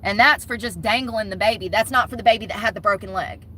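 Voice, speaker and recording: A woman's voice: medium pitch, fast talker, pushed and bright, a little hiss or hum. A woman with a Southern US accent ranting bluntly in a casual vlog, swearing freely. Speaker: vlogger.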